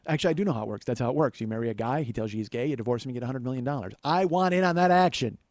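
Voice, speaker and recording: A man's voice: mid-range voice, racing, darkish tone. A man in his forties hosting a podcast, telling a long comic story with profane, self-deprecating asides. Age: 40s. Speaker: podcast host. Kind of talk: comedic storytelling monologue.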